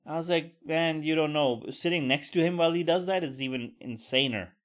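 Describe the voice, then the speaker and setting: Profane rambling male podcaster, slightly high. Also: fairly quick. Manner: profane, rambling, vents with crude asides. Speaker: podcast host. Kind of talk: casual solo podcast rant.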